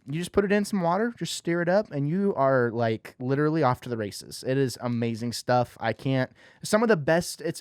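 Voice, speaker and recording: A man hosting a casual podcast, talking in an animated way with lots of "you know" fillers. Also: mid-range voice, no room sound, clean studio sound. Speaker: podcast host.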